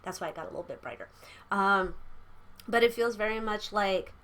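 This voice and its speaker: This young adult tarot reader vlogs casually from a small home room, talkative, wandering off topic and giggling. Her mid-range voice is a bit bright and a little fast, captured by a camera mic.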